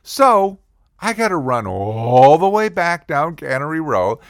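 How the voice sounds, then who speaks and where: An older man telling a funny personal story in a casual, animated way, acting out the yelling and the other people's lines. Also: on the high side, a little slow, dry recording, studio quality.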